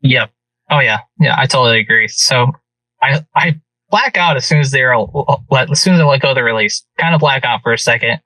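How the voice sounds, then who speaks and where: A man, a guest on a podcast, telling a hunting story in casual and animated speech. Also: mid-range voice, brisk, dry recording. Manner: animated, vivid retelling. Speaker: guest hunter. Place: podcast studio. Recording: distant from mic, dry.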